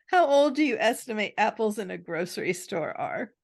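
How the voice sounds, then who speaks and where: A woman's voice: mid-range voice, animated, normal speed, gravelly, no echo, studio quality. A woman co-hosting a casual chat podcast, quizzing her co-host with trivia and laughing often.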